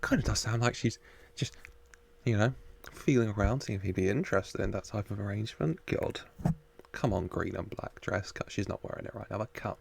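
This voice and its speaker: Male reaction host, low gravelly voice, chatty, laughs a lot. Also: fairly quick, darkish tone, a little hiss or hum. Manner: chatty, laughs often, mutters asides to the screen. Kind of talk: casual reaction commentary.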